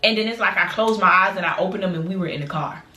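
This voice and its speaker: A woman vlogger telling a lively storytime to her viewers, acting out the voices of people in it and talking casually to the audience. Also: medium pitch, fast talker. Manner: animated, acts out voices in quotes; colloquial, addresses viewers as y'all. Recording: echoey room with background noise.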